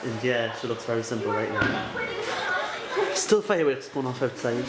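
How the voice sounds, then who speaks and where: A man's voice: medium pitch, normal speed. A young man from the UK chatting casually to viewers in a jokey vlog, outdoors at night. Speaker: vlogger. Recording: loud outdoor background noise. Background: traffic and outdoor noise.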